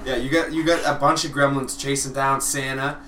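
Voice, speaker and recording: A man's voice: mid-range voice, steady tone, brisk, echoey room, distant mic, a crowd in the background. A man chatting casually on a podcast, swearing and joking. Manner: profane, joking, laughing. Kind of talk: casual chat.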